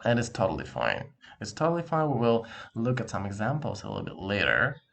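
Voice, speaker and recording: A man's voice: lowish voice, wildly swooping pitch, a little fast, gravelly, fairly bright tone. A man teaching a language lesson, patiently drilling each sound several times and asking the listener to repeat after him.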